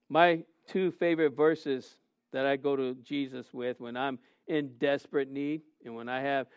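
A middle-aged man preaching a sermon as a pastor, earnest, swinging between soft and loud with frequent restarts. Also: medium pitch, clean tone, no room sound, highs cut off.

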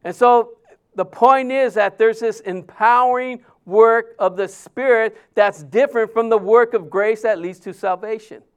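A male pastor, preaching in a conversational way, with many fillers and restarts, dropping his voice softly when he quotes others. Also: high voice, a little slow, clear, resonant tone. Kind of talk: sermon.

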